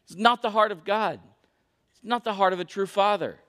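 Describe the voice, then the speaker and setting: A man's voice: high-pitched, normal speed, pushed and bright. A young adult man preaching a sermon as a pastor, earnest and emphatic. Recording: echoey hall.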